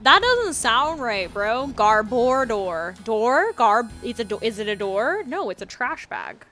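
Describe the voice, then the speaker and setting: House beats run beneath this game streamer, a woman in her twenties who reads chat and trades sarcastic, casual remarks with her viewers while giggling often. Her voice sits on the high side and sounds very animated, unhurried, bright, and forceful.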